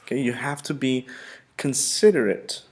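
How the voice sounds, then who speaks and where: A male English teacher giving a vocabulary lesson, who repeats words and pronounces them slowly and with emphasis. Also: medium pitch, darkish tone, slightly rough.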